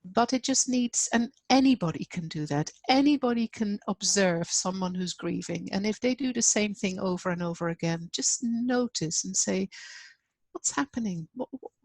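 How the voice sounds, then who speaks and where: Brief: soft-spoken female grief counselor, reflective, mid pitch, dry close mic. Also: normal speed, few pauses, no echo. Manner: gentle, reflective, acts out client dialogue. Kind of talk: conversational interview.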